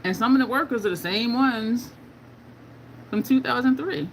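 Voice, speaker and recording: A woman's voice: a little high, moderate pace, slight background noise, rough recording. A middle-aged woman hosting a beauty video, chatting casually with viewers while she applies makeup and tells stories with asides. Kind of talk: casual live chat while applying makeup.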